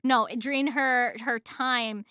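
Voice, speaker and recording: High bright-voiced girl streamer, slow and silly, swears a lot, dry close sound. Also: fairly even intonation, smooth, no room sound. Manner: playful, giggly, crude jokes and silly voices. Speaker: streamer reacting to a video. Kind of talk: casual reaction commentary.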